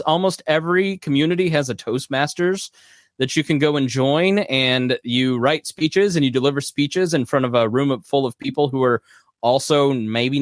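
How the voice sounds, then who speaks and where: A man's voice: on the high side, no echo. Middle-aged guy hosting a live podcast q&a, laid back and chatty, dry sound. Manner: relaxed, conversational with fillers like "like". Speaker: podcast host. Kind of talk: casual live Q&A talk.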